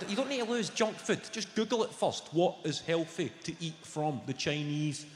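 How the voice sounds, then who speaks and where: Swearing Scottish stand-up comedian. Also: male voice, a little high, normal speed, background noise. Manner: animated, swearing, storytelling. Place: large comedy venue. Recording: echoey hall with loud crowd.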